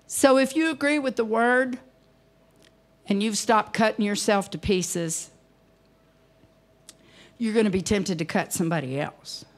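A woman's voice: mid-range voice, a little slow, pauses often. A woman in her sixties preaching an evening sermon in a folksy, emphatic way, acting out the voices she quotes.

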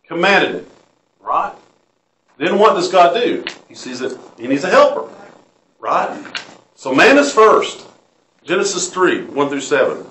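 A Southern US-accented pastor with a slightly high, fairly bright voice delivers an interactive sermon in a church sanctuary. He reads scripture aloud and puts questions to the congregation, and the room sounds echoey.

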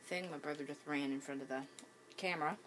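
Low voiced gal with hiccups narrating her game at home, lots of ums, stop-start. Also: fairly even intonation, fast, background noise. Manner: hesitant, many ums and restarts. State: has the hiccups. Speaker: gaming channel host. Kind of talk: casual gameplay commentary.

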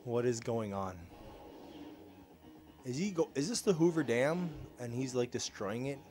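Brief: young male gaming host, lively sarcastic commentary, a bit under the weather, faint game music behind. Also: medium pitch, measured pace. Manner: sarcastic, reacting excitedly to gameplay. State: slightly ill, clearing throat and coughing. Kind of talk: casual let's-play commentary.

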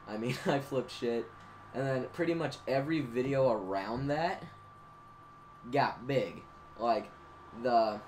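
A teenage boy talking through his channel's history in a rambling, profane, excitable way, as a gaming YouTuber looking back. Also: medium pitch, slight background noise. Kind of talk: casual anniversary vlog monologue.

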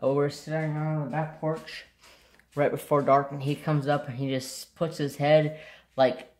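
A man's voice: fairly high pitch, flat delivery, unhurried, darkish tone, reverberant. A man chatting casually to camera, telling a rambling story and sidetracking often, with blunt, offhand asides. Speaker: craft vlogger.

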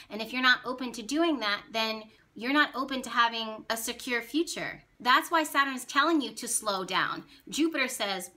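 A woman astrologer talking straight to her viewers in an animated, casual way, laughing now and then. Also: on the high side, moderate pace, hardly any pauses. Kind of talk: casual talk to camera.

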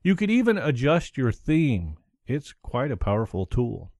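A man's voice: medium pitch, huge pitch swings, a little slow, darkish tone, no echo, studio quality. A man hosting a solo podcast, upbeat and chuckling between points. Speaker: podcast host.

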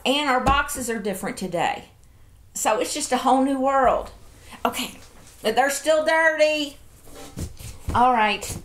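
A woman's voice: a little high, noisy background. A woman, chatting casually while unboxing toys and cooing over each one. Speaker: toy collector vlogger.

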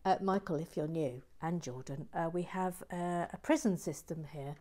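A woman's voice: lowish voice, moderate pace, mellow. A woman hosting a casual building stream, chatting in a self-deprecating, exclamatory way. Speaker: LEGO building stream host. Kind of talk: casual chat while building.

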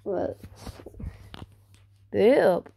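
A woman's voice: medium pitch, expressive, very slow, vocal fry, warm tone, slightly rough. A woman unboxing a new phone for her vlog, talking casually with sarcastic, grumbling asides. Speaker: vlogger.

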